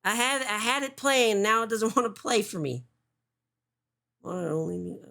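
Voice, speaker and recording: A woman's voice: mid-range voice, normal speed, gravelly, bright, forceful tone. A woman hosting a livestream show, giving casual commentary, swearing often and restarting her sentences.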